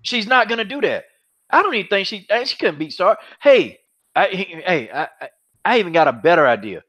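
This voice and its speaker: A man's voice: high-pitched, sing-song, fairly quick, bright, forceful tone. A man hosting an MMA podcast who talks in a heated, mocking way, repeating himself and swearing freely. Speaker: podcast host. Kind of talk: heated casual MMA chat. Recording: dull, lo-fi podcast audio.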